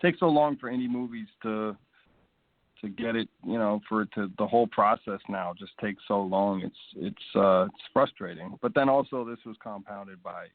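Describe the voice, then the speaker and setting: A man's voice: on the low side, normal speed, no room sound. A male actor being interviewed on the radio, talking in a loose, rambling way full of fillers. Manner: rambling, many fillers and restarts. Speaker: actor guest. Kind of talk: casual interview chat. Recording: tinny phone line, dry.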